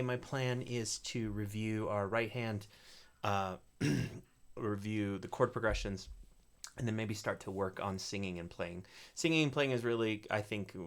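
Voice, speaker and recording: A man teaching an online ukulele lesson, explaining in a relaxed way with frequent fillers. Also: fairly low pitch.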